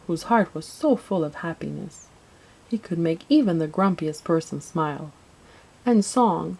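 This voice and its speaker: Woman reading a kids christmas story, lowish voice, gentle storybook telling. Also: poor audio. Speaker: narrator.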